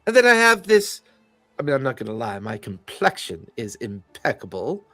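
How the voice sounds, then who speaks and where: A man's voice: medium pitch, big pitch swings, normal speed, a bit bright, no room sound, soft background music. A man voicing a haughty male fae security chief who talks down to everyone and keeps calling people "dear boy". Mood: scornful. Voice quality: pompous, condescending, says "dear boy".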